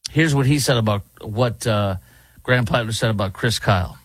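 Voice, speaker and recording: A man's voice: on the low side, moderate pace, a bit bright, dry recording. A man hosting a talk show, ranting in opinionated political commentary and now and then mocking people with impressions. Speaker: talk radio host. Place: Dallas.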